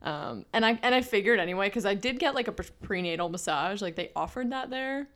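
A woman's voice: mid-range voice, lively intonation, brisk, a bit bright. A young woman co-hosting a podcast in casual chat, talking in a chatty way with many fillers and restarts. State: pregnant. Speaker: podcast co-host.

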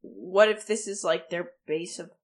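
A woman playing a tabletop game, eagerly asking questions and pitching ideas. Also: a little slow, a crowd in the background. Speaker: player. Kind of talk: casual game chat.

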